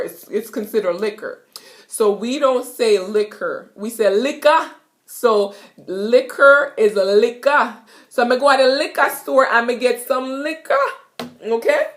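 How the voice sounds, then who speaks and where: A young Jamaican woman recording herself in her apartment, giving a casual lesson and repeating each phrase slowly. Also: mid-range voice. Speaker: language teacher vlogger. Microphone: self-recorded camera.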